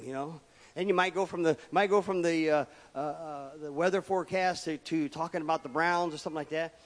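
A man, preaching a sermon as pastor, emphatic and swinging between loud declarations and quiet asides. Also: a little high, fairly quick. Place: church sanctuary. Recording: long reverb of a church hall.

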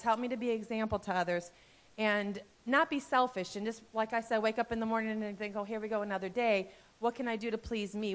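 A woman in her fifties speaks to her church congregation, heartfelt and earnest, and she often pauses on soft fillers. Her voice sits at an ordinary middle pitch. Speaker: pastor's wife speaking at church. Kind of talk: church message. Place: church sanctuary.

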